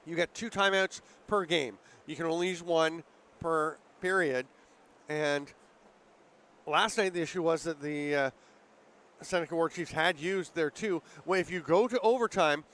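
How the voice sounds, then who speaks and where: A man calling live lacrosse play-by-play from an arena booth, explaining rules and rising sharply in excitement on big plays. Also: a little high. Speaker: play-by-play commentator.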